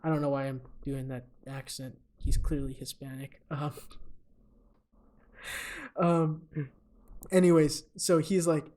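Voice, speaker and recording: This young co-host's fairly high, warm voice stays level and slow, pausing often as he casually recounts a film's story for laughs, peppered with ums, uhs, and chuckles at his own humor.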